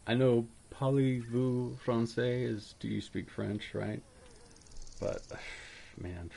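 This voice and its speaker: A man's voice: lowish voice, creaky, a little hiss or hum. A man chatting casually while streaming a game, rambling and thinking aloud as he plays. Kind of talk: casual gameplay chat. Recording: game music loud behind voice. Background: game music.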